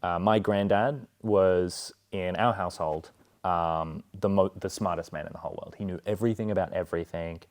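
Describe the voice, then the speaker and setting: An Australian man with a low voice chats as a guest about a film. He tells stories in an earnest, rambling way and fills his pauses with ums and likes. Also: steady tone, darkish tone. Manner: earnest, chatty storyteller, many fillers. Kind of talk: casual film discussion.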